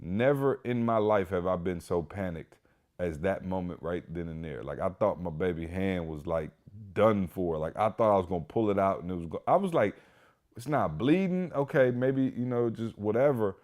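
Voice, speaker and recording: Guy with a lowish voice telling a story all fired up, lots of likes and restarts, talking right to the listeners. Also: moderate pace. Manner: animated, speaks straight to listeners; many fillers, restarts. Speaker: podcast host. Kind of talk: casual storytelling.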